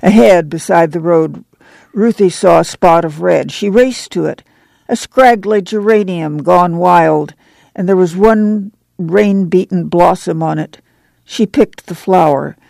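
A woman narrating an audiobook in a steady reading voice. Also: on the low side, measured pace, creaky, dry recording.

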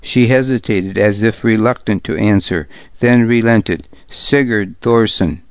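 A man reading a historical novel aloud as a narrator, in a measured, steady way. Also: lowish voice, dry recording, highs cut off. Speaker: audiobook narrator. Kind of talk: scripted narration.

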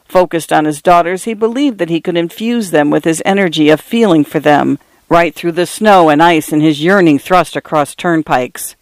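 A man reading a literary novel aloud as narrator, in a measured and expressive way. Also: a little high, no room sound. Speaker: audiobook narrator.

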